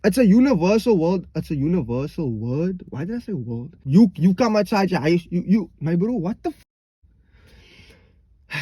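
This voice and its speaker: Young man, Cape Town accent, high-pitched, mellow tone, rambling casual explainer. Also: sing-song, moderate pace, breathy edge, no echo. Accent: Cape Town South African. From South Africa, Cape Town. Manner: rambling, acts out street dialogue, many "like" fillers. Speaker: vlogger.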